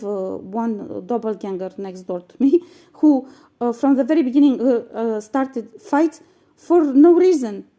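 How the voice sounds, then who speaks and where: A woman, a spiritual channel host, bluntly and indignantly recounting a personal story with frequent pauses. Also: sits high, warm tone.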